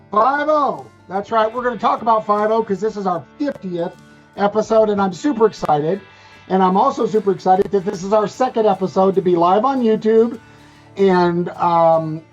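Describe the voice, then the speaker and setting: A man co-hosting a podcast in casual chat, playful and joking, often restarting his sentences. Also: high-pitched. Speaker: podcast co-host. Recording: dull lo-fi sound.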